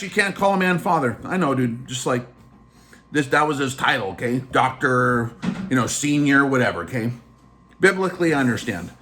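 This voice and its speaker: A man's voice: mid-range voice, a bit bright. A man hosting a casual vlog, telling a personal story in a chatty way full of fillers. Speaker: channel host.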